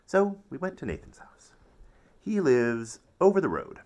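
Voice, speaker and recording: A man reading a children's story aloud, expressive and playful. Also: on the high side, unhurried. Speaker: storybook narrator.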